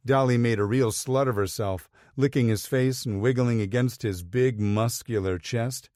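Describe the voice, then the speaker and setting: A man reading a romance story aloud in an even, measured way. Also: mid-range voice, no room sound, studio quality. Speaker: audiobook narrator. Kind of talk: scripted narration.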